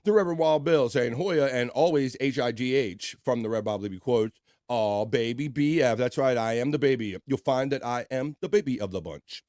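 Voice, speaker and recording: A man's voice: mid-range voice, moderate pace, a little mellow, dry recording, clean studio sound. A man hosting a casual livestream, chatting loosely and reading out viewer comments with easy laughs. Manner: laid-back, chatty, laughs often, reads chat aloud. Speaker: livestream host.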